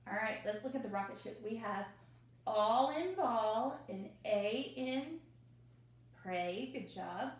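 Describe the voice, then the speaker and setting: A woman teacher, leading young children through a phonics review with slow, drawn-out drills and cheerful asides, recorded at home. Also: medium pitch. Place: home, at her mother's desk. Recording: echoey room.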